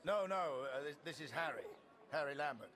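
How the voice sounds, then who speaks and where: An actor voicing a reserved army major who speaks in a clipped, evasive way. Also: male voice, a little high, lively intonation, moderate pace, a bit bright. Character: reserved British army major, a photographer's employer.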